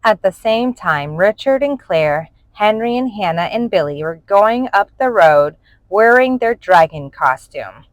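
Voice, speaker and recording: A woman reading a children's storybook aloud in an expressive, animated way. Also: medium pitch, unhurried, no echo, poor audio. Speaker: storybook reader.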